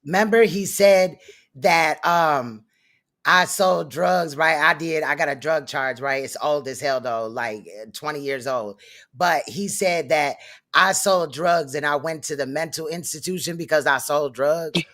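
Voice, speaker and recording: A man's voice: fairly high pitch, measured pace, bright, forceful tone. A man hosting a casual commentary chat, laughing often and affirming his points. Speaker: host.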